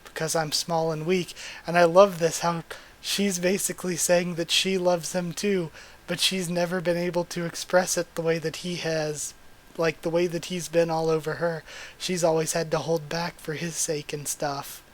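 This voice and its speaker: A man hosting a live manga reading and reaction, excited and gushing as he talks through the pages. His voice sits a little on the high side for a man. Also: moderate pace. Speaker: channel host.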